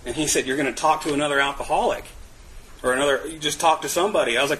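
A man's voice: mid-range voice, very fast, pushed and bright, rough recording. A man sharing his recovery story in a candid, self-mocking way, often laughing and restarting his words. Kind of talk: personal testimony at a meeting.

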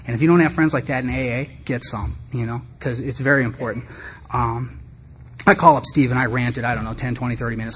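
A middle-aged man addresses a recovery meeting in a meeting room, sharing his personal story candidly and with self-deprecating humor. His mid-range voice is fairly bright and fairly even in intonation, and he talks fairly quickly and conversationally, with frequent asides. A little hiss or hum sits under the recording.

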